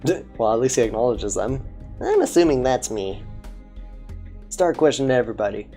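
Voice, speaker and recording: A woman playing a gruff commissioner. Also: rumbling low, expressive, normal speed, warm tone, faint music behind. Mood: bossy. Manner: gruff, swearing, dismissive. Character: crude lazy male police commissioner, bossy.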